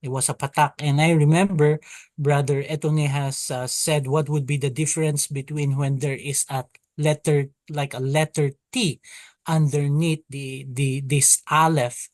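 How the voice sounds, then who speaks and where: A teacher running an online Hebrew alphabet lesson over a video call, speaking very slowly and patiently. The teacher repeats each vowel sound for the class and calls on students by turn. The sound is dry and close, with a mid-range pitch. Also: little pitch movement, darkish tone, dry recording.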